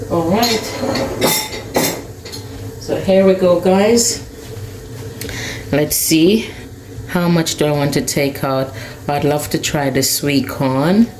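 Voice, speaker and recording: A woman chatting to viewers while she cooks in her home kitchen, tasting and savoring the food. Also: sits low. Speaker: cooking vlogger. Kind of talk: casual cooking vlog talk to viewers. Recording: echoey kitchen with cooking noise. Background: pot boiling.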